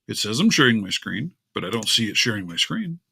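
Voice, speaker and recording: A man's voice: on the low side, big pitch swings, a little fast, gravelly, bright, forceful tone, husky. A man hosting a casual live stream, chatting and grumbling aloud while his screen share fails. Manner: chatty, grumbling at tech trouble, talks to his cat. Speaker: livestream host.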